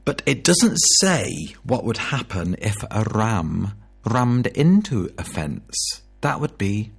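A man's voice: fairly low pitch, sing-song, slow, vocal fry, slightly rough, faint music behind. A man presenting a local radio show in a jokey, rambling, self-mocking way. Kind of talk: casual radio chat.

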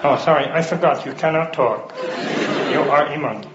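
A man's voice: fairly high pitch, moderate pace, dull audio, a crowd in the background, pitched below the performer's own voice, lightly acted. A man doing a stiff, formal impression of a famous scientist in a stand-up set. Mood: deadpan. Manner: stiff, formal, evenly spaced words.

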